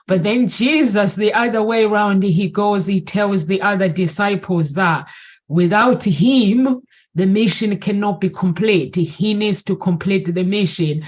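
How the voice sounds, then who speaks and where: A woman's voice: medium pitch, unhurried, highs cut off. A woman in a casual faith and self-help chat, eagerly retelling a story with many restarts. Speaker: talk show co-host.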